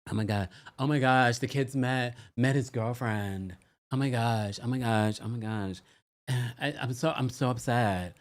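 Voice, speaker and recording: A man's voice: medium pitch, unhurried, lightly acted. A man doing an impression of a frantic, phone-obsessed reality-star woman, fretting in breathless repeated exclamations. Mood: fretful.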